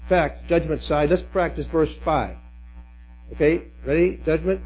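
A man's voice: a little high, measured pace, a little mellow, faint music behind, poor audio. A man leading a group Bible study, explaining the background and directing the class through a reading. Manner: instructive, directing the group, with restarts and fillers.

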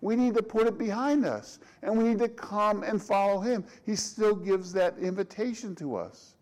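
A middle-aged pastor preaching in a fairly high voice for a man. He talks conversationally, stumbling over and repeating words as he goes, and leans on rhetorical questions. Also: a little mellow, low-quality recording. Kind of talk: sermon.

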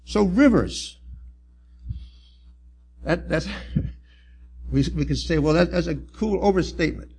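A middle-aged man, a church elder, preaching a sermon in an earnest, halting way with restarts and emphatic swells. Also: fairly high pitch, expressive, gravelly, a little mellow, a little hiss or hum.

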